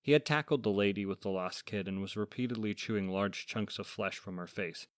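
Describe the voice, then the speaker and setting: Low-voiced man narrating dark horror tales. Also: fairly quick, no echo, studio quality. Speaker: horror story narrator and podcast host. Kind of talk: scripted first-person horror narration.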